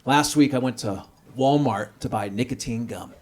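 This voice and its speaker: A man in his thirties doing a stand-up set at a small restaurant comedy night, talking into a handheld mic. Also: moderate pace. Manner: lively, jumps into high voices for quoted people.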